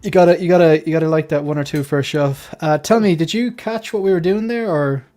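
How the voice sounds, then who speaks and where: A man's voice: fairly high pitch, fast talker, mellow. A man hosting a casual livestream panel chat, telling stories with lots of restarts. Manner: rambling storyteller, many restarts. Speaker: livestream host.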